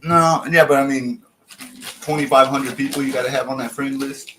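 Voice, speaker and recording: A man's voice: medium pitch, fairly even intonation, normal speed, fairly bright tone, slight background noise, rough recording. A man hosting a casual livestream, questioning his guest with teasing, prodding questions. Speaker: livestream host.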